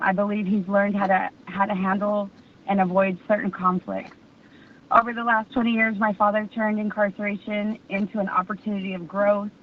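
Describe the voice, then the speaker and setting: A woman's voice: medium pitch, a little hiss or hum. A woman reading an earnest statement at a parole hearing, with some hesitant fillers. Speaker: public commenter at parole hearing. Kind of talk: read public statement. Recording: tinny distant phone line.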